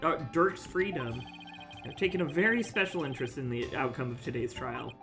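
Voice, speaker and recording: A woman's voice: deep voice, lively intonation, brisk, over music. A woman streaming a game with friends, reading its lines aloud and chatting, laughing often. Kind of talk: casual let's-play chat, reading game lines.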